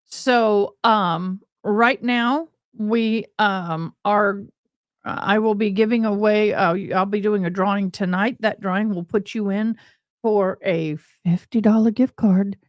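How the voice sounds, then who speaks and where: A woman's voice: medium pitch, steady tone, takes it slowly, dry recording, studio quality. A woman with a Texan accent, hosting a casual livestream in a chatty, bubbly way and often saying y'all. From Tennessee, USA. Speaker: livestream host.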